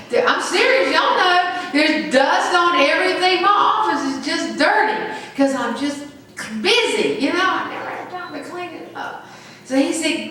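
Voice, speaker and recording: A woman's voice: sits high, expressive, unhurried, pushed and bright. A woman pastor preaching a sermon with emphatic call-and-response. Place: church sanctuary. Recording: echoey church from far off.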